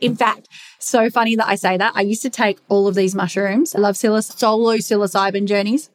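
A woman's voice: medium pitch, fairly even intonation, a little fast. A young woman talking bluntly in a casual confessional monologue, swearing freely as she rants.

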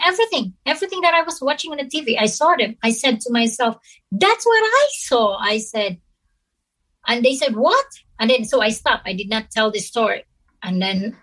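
Woman guest, a bit high-pitched, tells her story haltingly and earnestly. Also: fairly bright tone, poor audio. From Philippines. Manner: halting, earnest, with frequent pauses and restarts. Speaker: interview guest. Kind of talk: personal storytelling.

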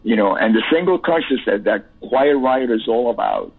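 A male musician reminisces in a phone interview, rambling and reflective with many restarts. His voice is husky and of average pitch. The line is thin and tinny. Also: lively intonation, fairly quick. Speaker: musician guest.

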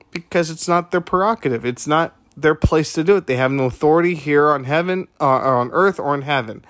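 A man's voice: fairly high pitch, fairly bright tone, dry recording. A man hosting a podcast, retelling a conversation and making his point in an emphatic, preachy way with repeated rhetorical questions. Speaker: podcast host.

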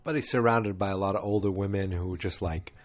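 A man's voice: deep voice, fairly even intonation, quick pace, no room sound, soft background music. A man recapping a TV episode in casual chat, rambling with lots of fillers and voicing the characters, close on a dry mic. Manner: rambling, with many fillers and quoted voices. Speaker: show recapper.

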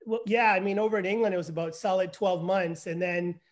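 A man in his fifties from Canada tells his life story with self-deprecating humor, his voice pitched high for a man. He talks in a lively, animated way as a guest in a relaxed conversation. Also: fairly quick. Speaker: guest, forensic psychologist. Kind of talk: casual interview conversation.

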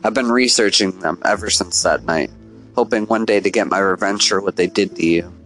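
A haunted, regretful father, as a man reading a storybook puts him on speaks low and in measured, solemn tones. His voice sits in a deeper register. Soft music plays faintly behind him. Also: low-quality recording. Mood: grave. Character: grave middle-aged father, haunted and regretful. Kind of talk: storybook narration.

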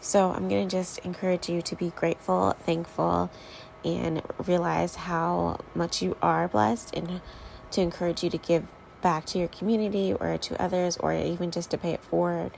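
A woman giving gentle, reflective encouragement in a faith talk. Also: lowish voice, flat delivery, normal speed, vocal fry, slight background noise, rough recording.

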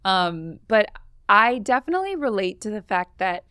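A woman guest on a podcast, telling candid dating stories in an animated casual chat. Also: medium pitch, normal speed, clean tone, no echo, studio quality. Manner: animated, candid, laughs through her stories.

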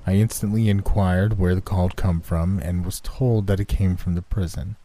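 Male narrator voicing an earnest, troubled doctor; low, dark, urgent. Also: fairly even intonation, normal speed, a little hiss or hum, close to an everyday voice.

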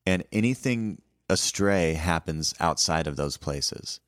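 Deep-voiced man telling a tour story. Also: takes it slowly, no room sound, clean studio sound. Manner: relaxed and wry, acting out quoted lines. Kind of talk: casual podcast storytelling.

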